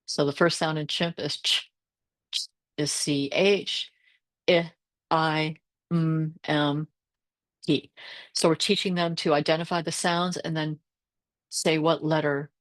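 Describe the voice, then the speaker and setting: A woman's voice: sits low, steady tone, moderate pace, dry recording. A woman reading tutor presenting a teacher workshop over a video call, explaining her lessons and modelling phonics sounds aloud.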